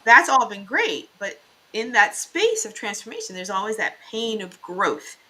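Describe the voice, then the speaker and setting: A woman's voice: medium pitch, moderate pace, low-quality recording. A woman from Baltimore, a co-host chatting expressively on a talk show. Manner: lively and expressive. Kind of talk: casual talk show chat.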